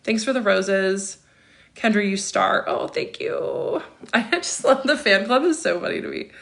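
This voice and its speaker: A woman's voice: medium pitch, animated, a little slow, vocal fry. A woman in her thirties hosting a casual livestream, reading viewer comments aloud and answering them with chatty asides and frequent laughs. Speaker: livestream host.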